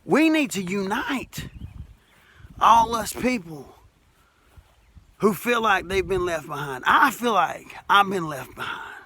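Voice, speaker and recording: Here a middle-aged Alabama working man, a masonry worker, addresses the camera with a bright, forceful, high-sitting voice and a Southern accent. His passionate monologue is folksy and plainspoken, full of repetition that rises to emphatic declarations, with slight hiss or hum on the track.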